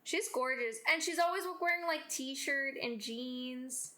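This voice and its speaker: At a measured pace, a high-pitched woman co-hosting a podcast spins stories in casual talk and animatedly acts out what others said. The room sounds echoey.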